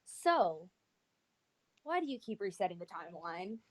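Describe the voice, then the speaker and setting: A woman's voice: on the low side, very animated, measured pace, a little hiss or hum. A woman doing a smug scheming young man. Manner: smug, drawling.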